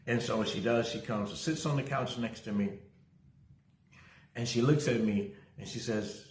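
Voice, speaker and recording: A man's voice: medium pitch, normal speed. A middle-aged male pastor giving a casual livestream sermon. He talks energetically, greets viewers by name and tells a story from his own life. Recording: roomy echo.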